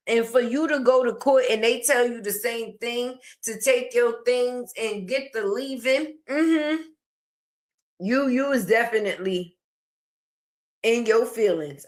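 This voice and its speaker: This woman's voice is slightly high and fairly bright. As an online commentator, she rants with sass and slang, ridiculing and answering back to the subject of her commentary.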